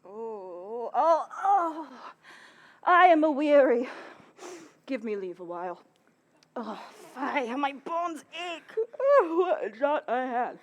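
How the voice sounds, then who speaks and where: A fussy, bawdy old nurse who groans about her aching bones, played by a woman on an outdoor Shakespeare stage. She speaks in a slightly high voice, taking her time. The delivery is theatrical and full of exclamations. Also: lively intonation, a little slow. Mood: complaining. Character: fussy older female nurse, bawdy, complaining. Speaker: stage actor.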